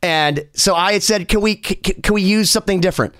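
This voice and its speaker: A man, a music producer, telling a story in an animated way, laughing and acting out the people he quotes. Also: high-pitched, fast, dry recording, clean studio sound. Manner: excitable, laughing, acts out quoted voices.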